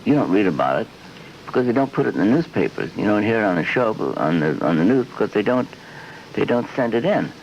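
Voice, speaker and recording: Rambling, animated older man. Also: lowish voice, quick pace. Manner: rambling, animated, acts out quotes in voices. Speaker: interview guest. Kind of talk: off-camera television interview. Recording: dull lo-fi 1970s archive audio with faint hiss.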